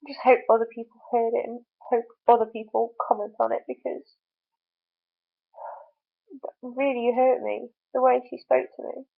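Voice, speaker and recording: A woman's voice: on the high side, level tone, moderate pace, gravelly. A young woman vlogger venting her frustration in a casual video diary, full of fillers. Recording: tinny phone-like audio.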